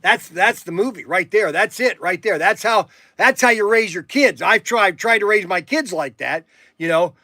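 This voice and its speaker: A man's voice: high-pitched, normal speed, sharp tone, dry recording. A middle-aged man hosting a livestream from a warehouse, chatting casually and telling folksy stories full of fillers and restarts. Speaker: livestream host. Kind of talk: rambling casual livestream chat.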